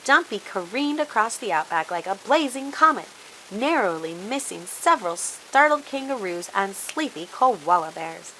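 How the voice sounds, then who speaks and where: A woman reads a children's storybook aloud and brings every scene to life. Her voice is bright and clear. A faint hiss runs under the recording. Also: mid-range voice, normal speed, poor audio. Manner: expressive, animated read-aloud.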